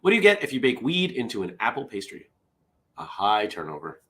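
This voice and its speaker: Lively low-voiced man hosting casual morning chat. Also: a little fast. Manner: rambling and self-interrupting, drifts into side stories between jokes. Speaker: morning show host. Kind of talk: casual solo morning chat, reading jokes aloud.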